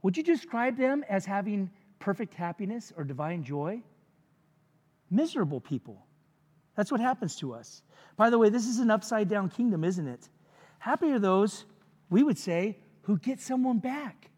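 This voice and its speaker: A man's voice: high voice, big pitch swings, normal speed, darkish tone, husky, long reverb tail. A man preaching a sermon as pastor, conversational and jokey, with frequent asides to the congregation.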